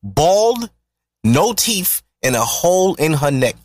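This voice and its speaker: A man hosting a podcast, ranting in a profane, mocking, animated way. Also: a little high, slow, dry recording. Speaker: podcast host. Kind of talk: solo podcast rant.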